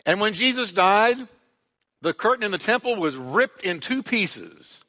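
A man's voice: high voice, very animated, a little slow, pushed and bright, big-room sound. A man preaching as a pastor, reading scripture aloud with dramatic voiced quotes and leading a prayer in a church sanctuary. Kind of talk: sermon.

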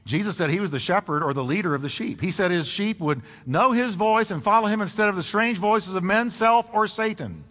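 A man preaching a sermon as a pastor, animated and leading his congregation in call-and-response. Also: high-pitched, fairly quick, few pauses, in a large hall.

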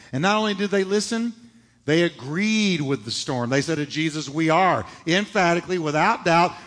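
A man's voice: sits high, a bit bright. A man preaching a sermon, emphatic, asking rhetorical questions and answering them himself. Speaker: pastor. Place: church sanctuary. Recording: reverberant hall.

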